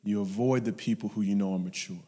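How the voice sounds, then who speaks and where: A man preaching a sermon, telling stories and acting out his parents, dropping to hushed whispers and rising to loud shouts. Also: lowish voice, steady tone, fast talker. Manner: storytelling, acts out family members in his anecdotes. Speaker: pastor. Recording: long hall reverb.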